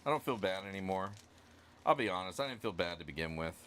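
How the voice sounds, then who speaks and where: A man's voice: sits low, expressive, quick pace, a bit bright. Guy rambling on his live stream, jokes on himself, bit of hiss in the back. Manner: rambling, self-joking, loose. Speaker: livestream host running a giveaway. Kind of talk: casual live stream chat.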